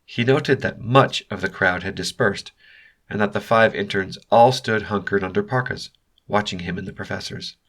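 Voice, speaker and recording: A male audiobook narrator with a lowish voice. His tone is bright and clear. He tells the story at a steady, even pace. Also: moderate pace. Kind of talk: scripted narration.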